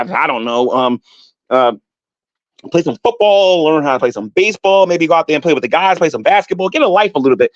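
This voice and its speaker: A man mocks online rivals to his chat, laughing often as he talks. His pitch swings widely. The audio is dull and dry, with no room sound. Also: no room sound. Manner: animated, roasting, frequent laughter. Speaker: YouTube commentator. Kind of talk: mocking rant to a livestream chat.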